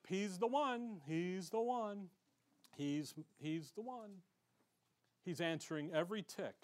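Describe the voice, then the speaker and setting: A man with a notably high speaking voice delivers a church sermon. He reads scripture aloud and swings between forceful, loud emphasis and quiet, low asides. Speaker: pastor.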